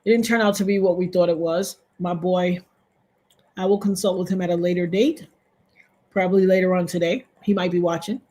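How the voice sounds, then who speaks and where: A woman hosting a livestream, telling a personal story in a casual, animated way and jumping to loud, high exclamations. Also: brisk.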